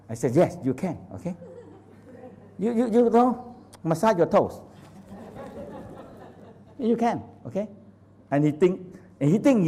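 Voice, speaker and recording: Animated man teaching with broken English. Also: on the high side, moderate pace, pauses often. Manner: animated, asks the audience constant questions, laughs often; non-native English with dropped grammar. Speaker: Taoist teacher. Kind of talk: live workshop teaching. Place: training center hall.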